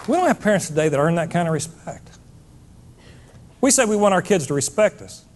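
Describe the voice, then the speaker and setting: A man's voice: high-pitched, very animated, fairly quick, darkish tone, a little hiss or hum. A middle-aged man giving a keynote speech to a live audience, blunt and emphatic, calling them folks. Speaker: motivational speaker. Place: stage before a live audience.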